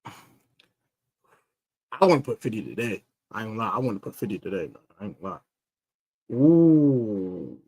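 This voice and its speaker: A man with a fairly low voice hosting a casual postgame fan livestream. He rambles through fillers and false starts and trash-talks rival fans. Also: very animated, normal speed, long pauses, warm tone, no room sound. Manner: rambling with many fillers and restarts, trash-talking. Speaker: fan podcast host. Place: stadium area after a game.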